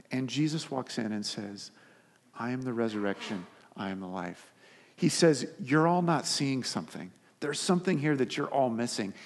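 Male pastor, sermon, earnest, repeated phrases building up, mid-pitched voice, long hall reverb. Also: breathy edge. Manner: earnest, building emphasis with repeated phrases then dropping to soft quotes.

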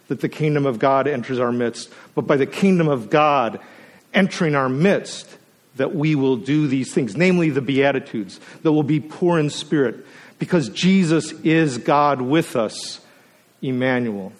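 A man preaching a sermon as a guest speaker, earnest and emotional, at times choked up, his voice rising to emphatic peaks and sinking to a near hush. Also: medium pitch, unhurried. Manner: earnest, emotional, swells up then drops to a hush.

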